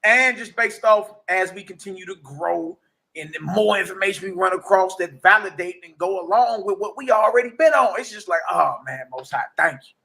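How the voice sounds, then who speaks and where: High-voiced, animated man in his forties. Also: brisk, vocal fry. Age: 40s. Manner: animated, slangy, keeps asking "you dig?". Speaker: livestream host. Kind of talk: casual preaching testimony.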